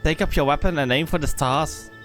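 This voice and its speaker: A man's voice: on the high side, fairly quick, fairly bright tone, faint music behind, natural voice. A man voicing a grumpy older male master gunsmith in a put-on Scottish accent, blunt and coarse. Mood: grudging.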